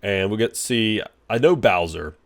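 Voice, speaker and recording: A man giving an excitable, rambling movie review, full of restarts and fillers. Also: on the low side, moderate pace. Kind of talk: casual spoken review.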